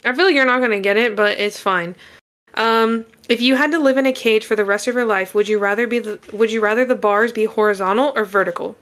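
A young woman co-hosting a casual podcast chat, telling blunt, animated stories. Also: a little high, quick pace. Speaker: podcast co-host.

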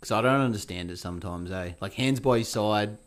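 Sweary, animated man. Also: on the low side, a little fast. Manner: swears a lot, animated storytelling with put-on quotes. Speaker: podcast co-host. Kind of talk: casual sports podcast chat.

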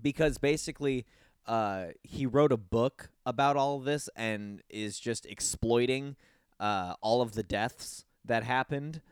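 A man hosting a podcast in casual chat, animated and swearing, jumping into high squeaky voices to mimic people. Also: a little slow, clear, resonant tone, no echo, clean studio sound. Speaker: podcast host.

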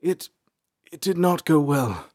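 A man's voice: a little high, very animated, darkish tone, no room sound, studio quality, pitched above the performer's own voice. Man voicing a weary shaken ranger. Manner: subdued, halting.

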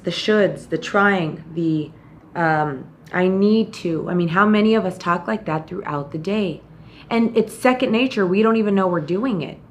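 Animated woman giving tough-love pep talk. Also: lowish voice, a little hiss or hum. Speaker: podcast host. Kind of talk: motivational monologue.

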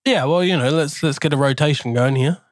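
A man in his thirties co-hosting a casual podcast, joking and reading out a friend's picks with quick asides. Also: on the high side, dry recording, clean studio sound. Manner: jokey, quick asides, laughs mid-sentence. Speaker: podcast co-host.

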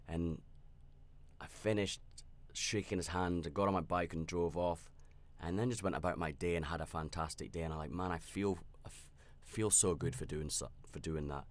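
On his own podcast, a very deep-voiced host recounts something personal. Reflective and self-aware, he speaks candidly, rambling, restarting sentences, and padding pauses with fillers.

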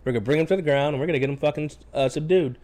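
Man, firefighter paramedic guest, fast, higher voice, profane, blunt storytelling. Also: darkish tone. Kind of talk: casual storytelling interview.

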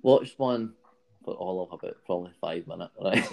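A man's voice: sits low, moderate pace, creaky, darkish tone. A Scottish man telling a long, rambling anecdote in casual chat, checking in with "right?" and laughing as he goes.

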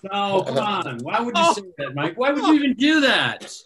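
A man's voice: high voice, huge pitch swings, moderate pace, a crowd in the background. A man hosting an open mic, rambling and chatty between comedy acts. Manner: rambling, chatty, full of ums. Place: comedy club.

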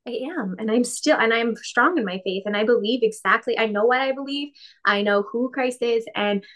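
A woman's voice: fairly high pitch, moderate pace, a bit bright. A woman in her thirties co-hosting a casual faith podcast, chatty, laughing often and acting out quotes. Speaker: podcast co-host.

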